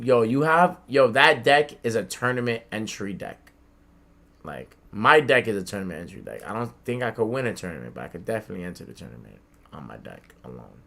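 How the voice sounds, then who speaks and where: A young man from the Bronx spins a childhood story on a casual podcast. His voice is low and bright, and he talks with lively, loose energy, swearing and playing out each quote. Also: a little fast, gravelly. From the Bronx, New York. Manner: animated, swears a lot, acts out quotes. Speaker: podcast co-host. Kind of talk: casual storytelling among friends.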